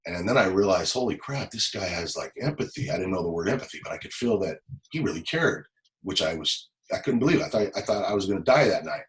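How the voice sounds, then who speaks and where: A middle-aged man from Los Angeles, a former police officer, telling a personal story in an interview, halting and repeating words, close to tears. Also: deep voice, expressive, rough recording.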